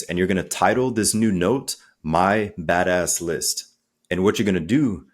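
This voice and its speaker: A man speaking as a coach in a podcast interview, energetic and conversational, acting out little quotes as he talks. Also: sits low. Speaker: guest, transformational coach.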